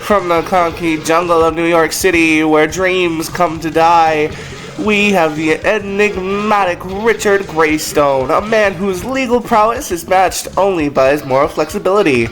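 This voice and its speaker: A man voicing a theatrical, sinister game show host, speaking in a slow, drawn-out showman manner. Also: fairly high pitch, a bit bright, faint music behind, voice pushed up. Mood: grandiose. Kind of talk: reading game dialogue aloud.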